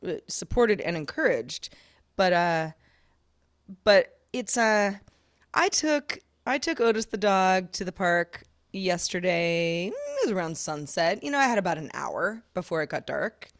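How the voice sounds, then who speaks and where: A woman with a somewhat low voice chats casually and at length. She restarts her sentences often and laughs lightly as she goes. The sound is close and dry, with no room around it. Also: lively intonation, measured pace, no echo. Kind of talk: casual chat.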